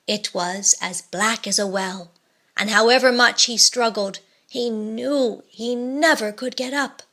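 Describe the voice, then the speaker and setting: Woman storyteller: slow, bright, dramatic read-aloud. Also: mid-range voice, gravelly. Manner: expressive, dramatic.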